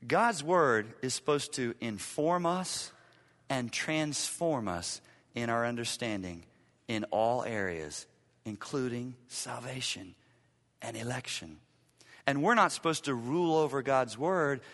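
Bright-voiced pastor preaching in echoey hall. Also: male voice, mid-range voice, lively intonation, a little slow. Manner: emphatic, repeats key lines, swings from loud to hushed. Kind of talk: sermon.

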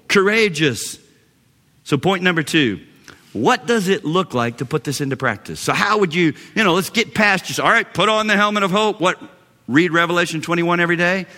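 A male pastor preaching a sermon with dynamic delivery, swinging from loud exclamations to hushed, low phrases. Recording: long reverb of a large hall.

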